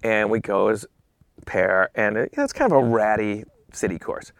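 Gravelly man telling a profane anecdote. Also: on the low side, moderate pace, no echo, clean studio sound. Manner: animated anecdote with profanity and whispered asides. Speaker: guest telling a story. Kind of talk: casual podcast storytelling.

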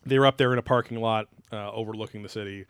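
A man's voice: lowish voice, fairly even intonation, fast talker, smooth, no room sound. A young man co-hosting a podcast in casual, profane chat, rambling and sarcastic as he picks apart a TV episode. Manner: rambling, sarcastic, swears a lot. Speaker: podcast co-host.

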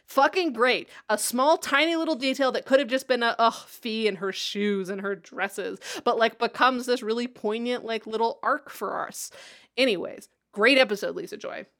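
A woman's voice: a little high, moderate pace. Laughing, swearing woman recapping a show. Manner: animated, laughs often, swears casually. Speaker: podcast co-host. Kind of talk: casual TV episode recap chat.

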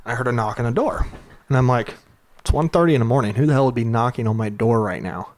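A man's voice: mid-range voice, fast, darkish tone. A young man telling a rowdy drinking story in casual chat, laughing often and swearing freely.

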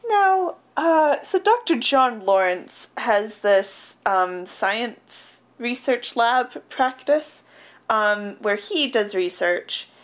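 She speaks extremely slowly, her medium-pitched voice full of lively intonation. The woman co-hosts a relaxed podcast, recapping a film's story in a giggly, chatty manner studded with fillers and laughs.

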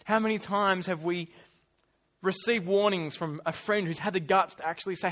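A man preaching a sermon, animated and acting out quoted voices, then dropping to quiet asides. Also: high-pitched, normal speed.

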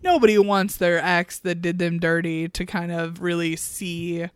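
Slow-talking sardonic woman podcaster. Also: fairly low pitch, steady tone, clean tone, dry recording, clean studio sound. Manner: chatty and sardonic, frequent laughs and ums. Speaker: podcast co-host. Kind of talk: casual reality-show recap chat.

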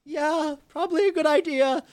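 A woman's voice: high-pitched, moderate pace, a little mellow, no room sound, clean studio sound, pitched above the performer's own voice, close to an everyday voice. A woman voicing a chatty, vague woman who drives a carriage, talking in a hesitant, rambling way. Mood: uncertain, chatty.

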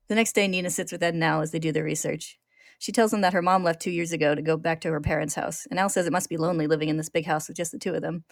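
A woman podcast host retelling an episode in steady, clear storytelling narration. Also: low-pitched, fast talker, no echo, studio quality.

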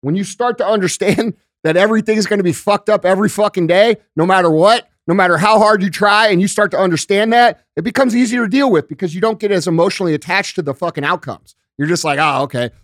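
A man with a notably high voice for a male speaker hosts a podcast, ranting bluntly and swearing freely. He talks close to a studio microphone in a dry, dead-sounding space with no room echo. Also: fast talker, few pauses. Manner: profane, blunt, emphatic; conversational, uses everyday analogies. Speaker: podcast host. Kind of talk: casual podcast rant.

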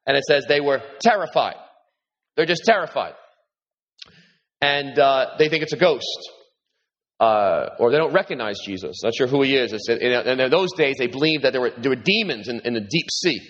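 A man preaching a sermon as pastor, animated and repeating himself, his voice lifting when he quotes Jesus. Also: normal speed. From New York. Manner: animated, repeats words, rises in pitch when quoting Jesus. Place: large hall with congregation. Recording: echoey hall, dull sound.

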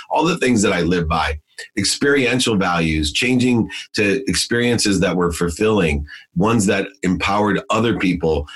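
A man's voice: deep voice, fairly bright tone, breathy edge. A middle-aged man telling his life story in an emphatic, motivational way, in short punchy phrases. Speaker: guest.

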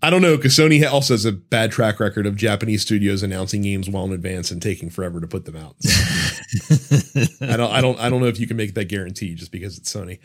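A man's voice: on the low side, fast talker. A man in his thirties co-hosting a casual podcast, reading listener questions aloud and swearing casually as he chats. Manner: animated, swears casually, laughs often. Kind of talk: casual chat.

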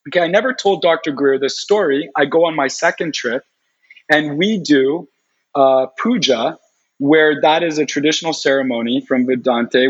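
A man telling a long personal story in an animated, rambling way, full of "like" fillers. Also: on the high side, breathy edge. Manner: rambling, heavy use of "like" fillers. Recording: dull lo-fi recording.

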